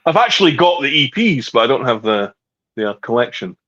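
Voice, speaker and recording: A man's voice: mid-range voice, fairly quick, highs cut off. A middle-aged man with a Scottish accent, a podcast guest chatting casually and swearing freely as he tells stories. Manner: swears freely, animated storyteller. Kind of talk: casual chat.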